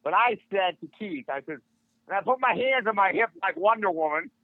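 High-voiced older man over a tinny line. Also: fairly quick, no room sound. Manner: animated, acts out quoted dialogue. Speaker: martial arts instructor, podcast guest. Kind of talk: casual storytelling. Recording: tinny phone-like line, dry.

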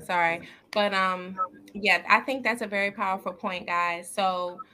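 Bright, earnest woman podcast host. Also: mid-range voice, steady tone, measured pace. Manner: upbeat, earnest, laughs often, many fillers. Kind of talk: casual faith podcast chat.

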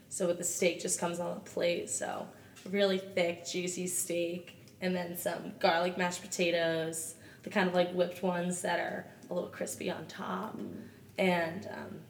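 Easygoing woman guest, low and roomy. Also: gravelly, far from the mic. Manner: relaxed, easygoing, laughs readily. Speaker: podcast guest. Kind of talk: casual chat. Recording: roomy, off-mic with faint noise.

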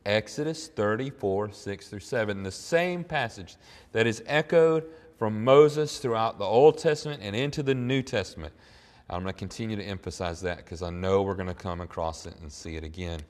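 A middle-aged pastor preaches a sermon at normal speed, with the sound of a big room around him. He speaks earnestly, building to emphatic high points before dropping into quiet reflection.

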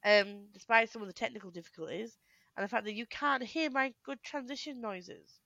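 A young woman chatting as a podcast co-host, her voice bright and a touch high. She giggles a lot and trips over her own restarts. Her headset gives a dry, slightly dull sound. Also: no echo. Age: young adult. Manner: giggly, talks in quick bursts with restarts. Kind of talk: casual chat.

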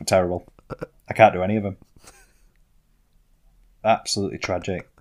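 A man's voice: deep voice, flat delivery, normal speed, a little mellow. A young man, telling rambling, self-mocking stories as a podcast co-host. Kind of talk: casual storytelling chat.

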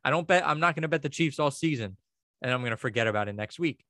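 A man's voice: mid-range voice, animated, fast, pushed and bright, no room sound. A man co-hosting a podcast in casual banter, ranting and joking with a lot of swearing. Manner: crude, joking rants with frequent swearing. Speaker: podcast co-host.

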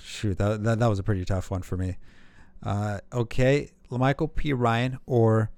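A man's voice: lowish voice, moderate pace, dry recording. Guy chatting fantasy football, jokey and rambly, dry close sound. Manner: animated, jokey, rambling with restarts. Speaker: podcast co-host. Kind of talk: casual fantasy football chat.

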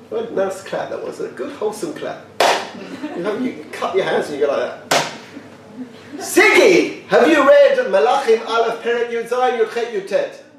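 A man giving a lively Torah talk to a live group, joking and quizzing his listeners by name. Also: sits high, distant mic, noisy background. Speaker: Torah teacher. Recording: echoey room picked up from afar.

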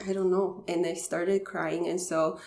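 A woman in her thirties from Bulgaria with a Bulgarian accent, a podcast guest telling her story in a chatty way, full of fillers and soft laughs. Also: lowish voice, level tone, a little slow, gravelly, slight background noise. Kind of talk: casual personal storytelling. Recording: roomy echo.

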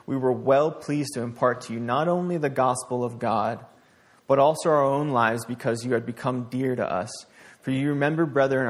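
A young man preaching a casual sermon, reading scripture aloud and explaining it in a conversational, halting way with many restarts. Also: medium pitch.

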